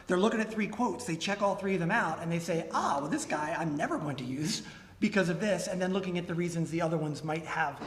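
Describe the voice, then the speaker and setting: A high-pitched man answers questions after a talk, and he animates his stories by acting out the callers' lines. He sounds like he is in an echoey meeting room. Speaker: guest speaker from a consumer nonprofit. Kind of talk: Q&A after a club presentation.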